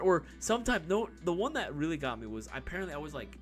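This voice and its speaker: Hosting a casual livestream, a young man reads questions from chat and answers them, laughing often, swearing freely and calling people bro. His slightly high voice moves quickly with big pitch swings and few pauses, with faint music behind it.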